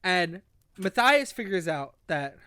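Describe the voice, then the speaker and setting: Animated swearing book-review co-host. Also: male voice, sits high, takes it slowly, clean tone, no echo, clean studio sound. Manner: animated storyteller, swears often, acts out characters. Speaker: podcast co-host. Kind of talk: casual book review chat.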